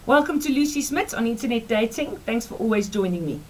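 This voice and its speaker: South African woman vlogger, forties, fairly high-pitched, animated, talks straight to viewers, teacherly. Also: fairly quick, poor audio. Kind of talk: chatty storytelling to camera.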